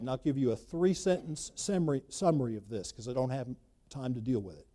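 A man preaching a sermon, emphatic, swinging between loud bursts and quiet asides. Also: medium pitch, fairly quick. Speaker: pastor.

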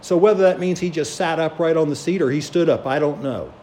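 A man's voice: fairly high pitch, fairly quick, dark tone. A man preaching a sermon, telling a story and acting out the voices of its people. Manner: storytelling, acts out quoted voices.

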